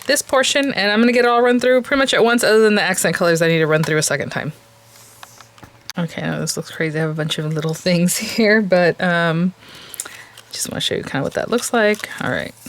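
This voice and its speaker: A woman's voice: sits low, a little hiss or hum. A woman hosting a papercraft tutorial, chatting casually, thinking aloud with lots of fillers and laughing at herself now and then. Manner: chatty and self-amused, laughs at herself often. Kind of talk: casual craft tutorial chat.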